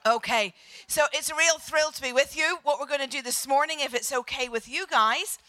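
A high, bright-voiced Irish woman preaching to a congregation. She talks in a lively, jokey way straight to the people in front of her, and her voice sounds close and dry. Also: moderate pace, no echo. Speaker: visiting prophet preacher. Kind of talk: sermon. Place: church hall.

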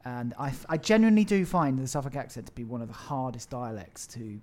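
A man's voice: medium pitch, brisk, darkish tone. A man co-hosting a casual podcast, swearing and teasing the others in banter. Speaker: podcast co-host. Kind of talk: casual chat.

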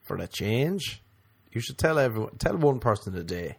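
A man's voice: mid-range voice, lively intonation, moderate pace, dry recording. A man doing a profane stand-up rant, mocking and slipping into exaggerated voices. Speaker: comedian.

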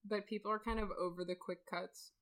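A young woman co-hosting a podcast in casual chat, animated and swearing freely as she acts out scenes. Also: medium pitch, fairly quick. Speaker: podcast co-host.

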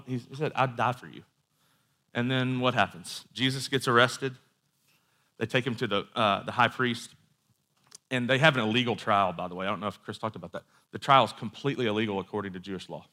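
Bright-voiced casual male preacher. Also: mid-range voice. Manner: conversational storytelling with asides and quoted voices. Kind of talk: sermon.

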